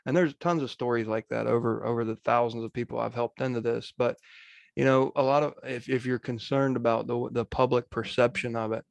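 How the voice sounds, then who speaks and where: A man speaking as a guest coach on a video call, in steady, matter-of-fact coaching talk. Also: medium pitch, fairly quick, vocal fry, dry recording. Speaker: guest real estate coach.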